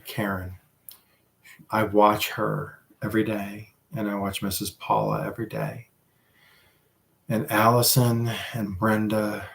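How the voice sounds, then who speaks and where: A man's voice: fairly low pitch, creaky. A man hosting a casual livestream, chatting with viewers in a rambling, self-deprecating way. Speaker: livestream host.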